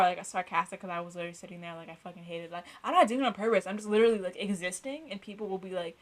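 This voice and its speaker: A woman's voice: mid-range voice, racing, few pauses, rough recording. A young woman co-hosting a podcast in casual chat, blunt and rambling, swearing often and filling with "like". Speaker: podcast co-host.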